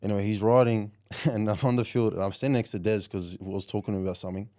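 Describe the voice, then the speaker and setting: A man's voice: on the low side, racing. A young Australian man in his twenties, a guest on a casual podcast, telling stories with lots of "like" and "you know.". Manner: animated storyteller, heavy use of "like" and "you know". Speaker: guest, professional rugby league player.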